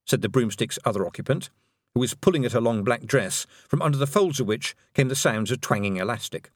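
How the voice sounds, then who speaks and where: A man narrating a storybook with a lively, swooping delivery. His voice sits at a middle pitch and comes across close and dry, with no room sound. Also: quick pace, dry recording. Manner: animated storytelling. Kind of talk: audiobook narration.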